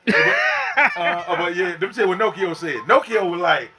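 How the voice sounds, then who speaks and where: A young man guesting on a casual podcast, telling stories in an animated, profane way and acting out other people's voices. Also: high-pitched, normal speed. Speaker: guest and concert host. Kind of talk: casual podcast chat, storytelling.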